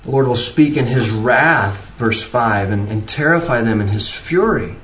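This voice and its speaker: A man's voice: mid-range voice, measured pace, a bit bright. A man preaching an earnest sermon, pressing his points with shifting emphasis and frequent restarts. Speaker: pastor. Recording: roomy, distant from the mic.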